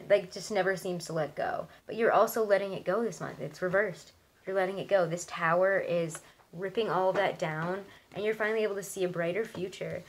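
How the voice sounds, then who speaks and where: A woman's voice: lowish voice, slight background noise, rough recording. A young woman giving a casual, reassuring tarot reading, talking chattily with lots of fillers. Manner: chatty, reassuring, many likes and ums. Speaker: tarot reader.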